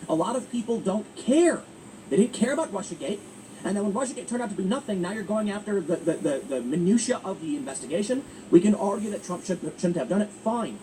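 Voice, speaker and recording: High-voiced man talking politics. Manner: emphatic, animated, with frequent restarts. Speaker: political commentary host. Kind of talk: casual political commentary. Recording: distant mic with faint ambient noise.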